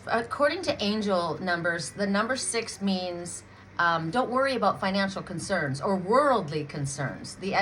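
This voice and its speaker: A middle-aged woman from Canada talks through a spiritual card reading in a loose, emotional, chatty way. Her voice is bright and clear, and she often restarts her sentences. A faint hum of room noise sits behind her. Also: mid-range voice, low-quality recording. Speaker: tarot card reader.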